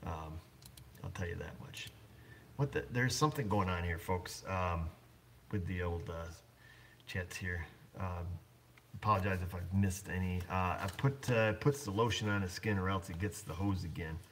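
A man's voice: sits low, moderate pace, a little hiss or hum. A blunt man running a repair shop, chatting casually on a livestream and rambling with lots of fillers. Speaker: auto shop owner.

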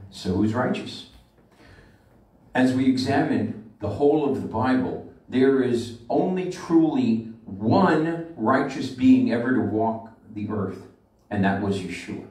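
A man preaching a sermon as a rabbi, pressing hard on his points and drawing the scripture out slowly for weight. His voice sits at a middle pitch and rings through a very echoey sanctuary. He stands some distance from the microphone. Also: darkish tone. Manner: emphatic preaching, slows and swells on scripture. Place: synagogue sanctuary. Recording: echoey room from far off the mic.

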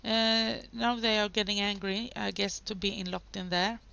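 A woman's voice: mid-range voice, flat delivery, moderate pace, creaky, bright, forceful tone, clean tone, muffled recording. A woman hosting a gaming video, giving casual commentary and chatting to the game characters.

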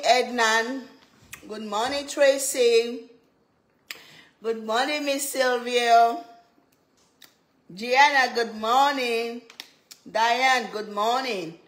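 A woman's voice: a little high, reverberant. A woman from Leone, hosting a cooking livestream and chatting with viewers, laughing and greeting them by name. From Sierra Leone. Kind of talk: casual live chat with viewers.

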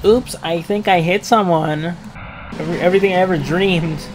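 A man's voice: high voice, fairly even intonation, moderate pace. A man hosting a let's play with jokey gaming commentary and dramatic mock complaints. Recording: game noise loud behind.

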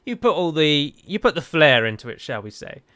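A man's voice: a little high, big pitch swings, a little fast, pushed and bright. A man with an English accent giving casual, wry, rambling commentary while playing a strategy game. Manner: chatty, wry, rambling asides. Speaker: gameplay commentator. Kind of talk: casual let's-play commentary.

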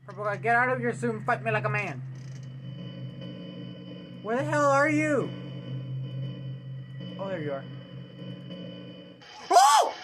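A man hosting a let's play, reacting to a horror game with excitable commentary, yelps, jokes and mock-dramatic outbursts. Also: sits high, normal speed, long pauses, over music.

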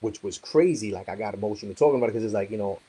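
A police officer talking casually in blunt, profane street slang, rambling with lots of "you know". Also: male voice, lowish voice, rapid-fire, mellow, slightly rough, poor audio. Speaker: police officer, coaching client. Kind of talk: casual conversation on a call.

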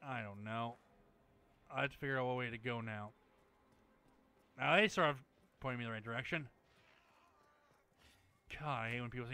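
A man's voice: mid-range voice, fast, long pauses, pushed and bright, smooth. A man commenting on his gameplay, irritated and profane, talking back to the characters. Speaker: gamer streamer.

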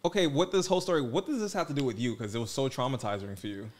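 A young man co-hosting a casual podcast, an animated, playful storyteller who gets defensive when teased. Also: medium pitch, racing, crowd noise. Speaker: podcast co-host. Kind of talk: casual chat.

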